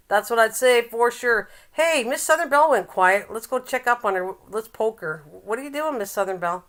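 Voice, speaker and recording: An older woman hosts a casual live-stream chat. She teases her viewers, laughs often and reads a recipe aloud haltingly. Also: on the high side, animated, fairly bright tone. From Canada.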